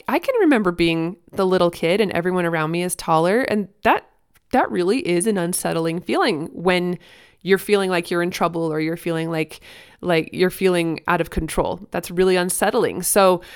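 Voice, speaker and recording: A woman's voice: on the low side, clear, resonant tone. A woman hosting a parenting podcast, talking earnestly and encouragingly in a casual, conversational way with fillers. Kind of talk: solo podcast advice talk.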